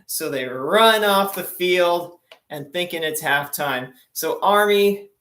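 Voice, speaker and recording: A man's voice: sits high, takes it slowly, pushed and bright, reverberant. A man doing stand-up on a live stream, telling long Navy jokes in a chatty, self-deprecating way and laughing at his own punchlines. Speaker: stand-up comedian.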